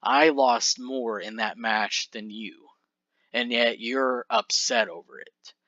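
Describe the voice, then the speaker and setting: A man voicing a calm, reasoning wrestler. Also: medium pitch, slow pace, creaky, dry recording, highs cut off, heavily acted. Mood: placating. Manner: reasoning, placating. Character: calm male wrestler soothing his upset partner.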